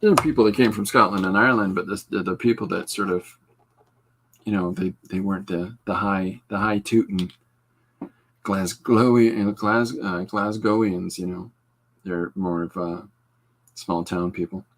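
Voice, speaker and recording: A man's voice: sits low, steady tone, moderate pace, a bit bright, husky. A man hosting a casual live podcast, chatting with viewers and rambling through asides and self-corrections. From Canada. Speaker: podcast host drawing comics live. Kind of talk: casual live-stream chat reading comments.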